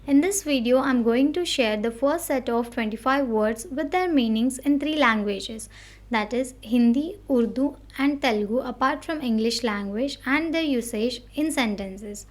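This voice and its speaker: A woman teaching English vocabulary in a measured, explanatory way, reading out definitions and example sentences. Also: on the high side. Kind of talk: instructional word-by-word lesson.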